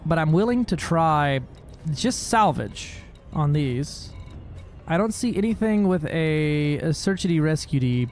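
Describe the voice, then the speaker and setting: Guy streaming a space game, high voice, swears and jokes a lot, faint music behind. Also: lively intonation, slow. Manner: profane, joking, chatting with viewers. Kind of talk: casual gaming livestream chat.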